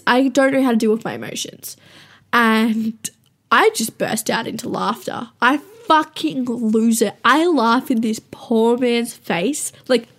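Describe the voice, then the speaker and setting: A woman's voice: a little high, a bit bright. A young woman hosting a show, telling rambling, self-mocking stories to listeners in a casual, profane way and laughing often.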